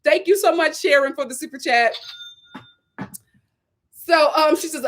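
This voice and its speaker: A woman hosting a live stream, giving sassy, animated commentary on a reality show and talking straight to her viewers. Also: sits high, unhurried, long pauses. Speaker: live show host reviewing a reality series.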